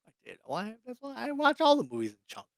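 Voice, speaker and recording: A man's voice: very high-pitched, wildly swooping pitch, fast, vocal fry, crowd noise. A young adult man co-hosting a podcast, ranting bluntly and swearing freely in casual chat. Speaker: podcast co-host.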